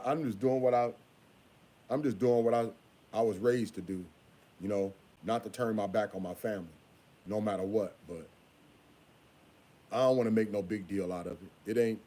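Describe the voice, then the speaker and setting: A father talking casually in a vlog, repeating himself and scolding in a drawn-out way. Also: on the low side, dark tone.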